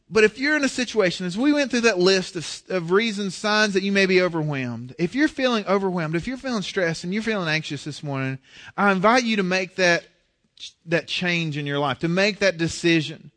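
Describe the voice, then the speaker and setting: A man's voice: high voice, fairly bright tone. A male pastor preaching a sermon in an earnest way, often repeating words as he starts his sentences.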